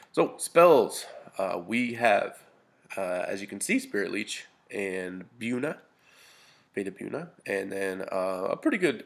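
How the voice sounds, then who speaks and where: A man with a somewhat low, gravelly voice walks through a tabletop battle report in a relaxed, casual way. He sounds a little sniffly and stumbles through fillers and restarts, slipping in dry humor as he talks. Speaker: hobby gamer reporting a battle. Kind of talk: casual narrated battle report over photos.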